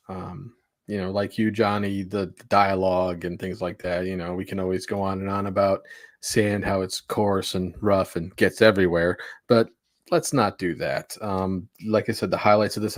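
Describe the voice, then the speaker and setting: A man's voice: lowish voice, dry recording. A man on a casual podcast panel, talking in an easygoing, lightly profane way.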